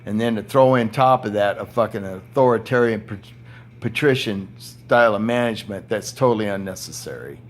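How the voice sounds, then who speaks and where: A man's voice: fairly low pitch, fairly quick, a little hiss or hum. Profane, ranting older man in his seventies. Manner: blunt, profane, ranting, with heavy swearing. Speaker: retired power plant worker and former union steward. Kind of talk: angry monologue vlog. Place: indoor room at home with TV and fan.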